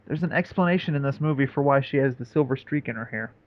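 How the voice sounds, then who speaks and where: A young man talks quickly in casual podcast chat, rambling and correcting himself. His voice is mid-pitched and comes through a somewhat dull, lo-fi recording. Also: dry recording. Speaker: podcast co-host.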